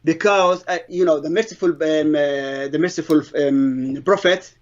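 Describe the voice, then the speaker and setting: Middle-aged guy telling his testimony, slightly high voice, halting and earnest, dull lo-fi sound. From Somalia. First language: Somali. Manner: halting, earnest storytelling with broken English grammar. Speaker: interviewee giving a testimony. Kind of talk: personal conversion testimony.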